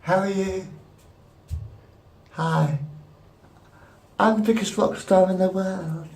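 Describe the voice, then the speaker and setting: A man putting on the soft, breathy, affected voice of a male pop star. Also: sits high, fairly even intonation, takes it slowly, roomy sound, recorded from a distance, voice pushed up. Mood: gushing.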